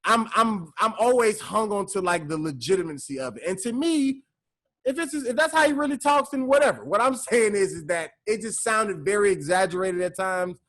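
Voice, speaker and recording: A man's voice: sits high, lively intonation, normal speed, a bit bright. A man co-hosting a casual film podcast, rambling and repeating himself, often saying "you know what I'm saying". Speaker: podcast co-host.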